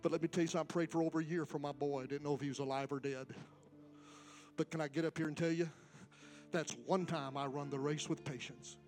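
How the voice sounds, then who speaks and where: High-voiced fervent preacher. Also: male voice, fairly even intonation, fast, soft background music. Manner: fervent, repetitive exhortation, swings from quiet to loud. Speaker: guest preacher. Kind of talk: Pentecostal sermon and altar call. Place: church sanctuary.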